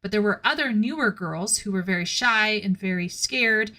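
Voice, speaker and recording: A woman's voice: medium pitch, normal speed, bright, forceful tone. Blunt woman streamer chatting candidly. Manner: blunt, candid, laughs at her own remarks. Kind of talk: casual chat with a live chat.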